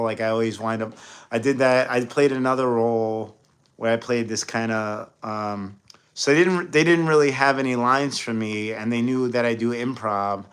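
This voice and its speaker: A man's voice: mid-range voice, a bit bright, clear, resonant tone. Rambling New York man telling stories. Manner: rambling storyteller, lots of fillers and restarts. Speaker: entertainer and actor. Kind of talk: casual interview talk. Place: home studio.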